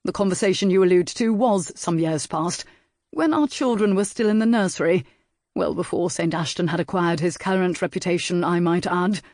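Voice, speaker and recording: A man's voice: high-pitched, normal speed, a little mellow, no room sound, studio quality. A man doing a cold, snide nobleman. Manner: clipped, snide.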